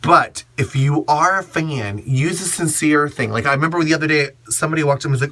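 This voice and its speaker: A man who works as a drag performer and MC, giving blunt, sassy advice and acting out gushing fans in shrill voices. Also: animated, moderate pace, few pauses, bright, forceful tone. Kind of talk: casual advice monologue.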